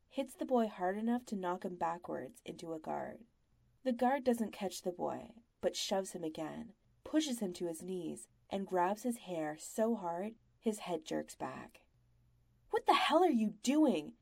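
Gravelly, dark-voiced female audiobook narrator. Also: lowish voice, no echo.

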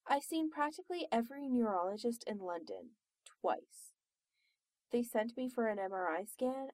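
A woman reading aloud, voicing a brash, loud young woman who talks with blunt sarcasm. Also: fairly high pitch, no room sound. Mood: earnest.

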